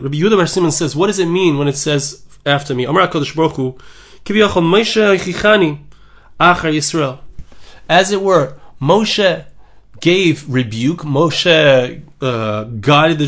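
A man leads a Torah class, reading out the original text and then explaining it with rising enthusiasm. His voice sits high for a man and he talks with lively energy. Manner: reads Hebrew and Aramaic text aloud then translates, lively and emphatic. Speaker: Torah teacher.

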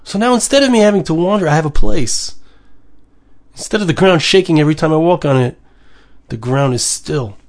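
A man with a high, light voice delivers a Torah lesson as a sermon. He speaks earnestly, repeats himself for emphasis and drops Hebrew terms into his English. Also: animated, brisk.

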